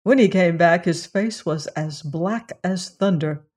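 A storyteller reading a fairy tale aloud in a slow, measured manner. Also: mid-range voice, darkish tone.

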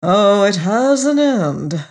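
A fussy male devil haggles over a soul, voiced lightly by a storybook narrator. He sounds hesitant and peevish, and his lines are slow and careful. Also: mid-range voice, animated, natural voice. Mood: fussy, uneasy. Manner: hesitant, then brisk and peevish. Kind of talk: storybook reading.

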